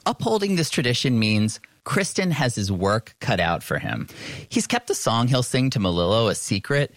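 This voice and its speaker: A man's voice: mid-range voice, big pitch swings, moderate pace, no room sound, studio quality. A man reporting a news feature in scripted narration.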